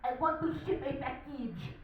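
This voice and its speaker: A woman's voice: sits high, moderate pace, a little hiss or hum, close to an everyday voice. A woman voicing a puzzled male customer who plainly and insistently repeats himself, told during a stand-up set. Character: flat, puzzled male customer at a shipping desk. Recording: echoey hall, distant dull mic.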